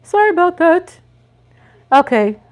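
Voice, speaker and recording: A woman's voice: extremely high pitch, big pitch swings, a little slow, a little mellow. A middle-aged woman from Texas with a Texan accent, hosting a casual live chat and talking folksy and chatty straight to her viewers. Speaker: livestream host.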